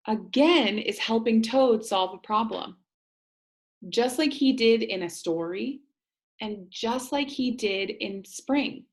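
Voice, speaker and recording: A woman teacher reading a storybook aloud and explaining it to students, asking them gentle questions. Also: medium pitch.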